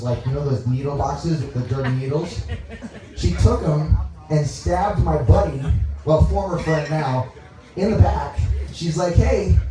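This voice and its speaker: A young man from Dallas doing a stand-up comedy set, rambling, halting and crude as he talks to the crowd on a club stage. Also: medium pitch. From Dallas, Texas. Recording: echoey room, mic heard from far off.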